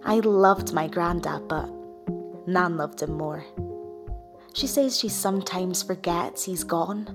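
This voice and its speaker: Gentle woman reading slowly. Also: lowish voice, over music. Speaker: audiobook reader. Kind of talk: first-person storybook narration.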